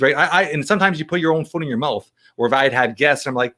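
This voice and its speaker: A man's voice: medium pitch, lively intonation, a bit bright. A man talking as a podcast guest, telling stories in a rambling way, full of restarts and quoted back-and-forth. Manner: fast, rambling storyteller with many restarts. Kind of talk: casual interview chat.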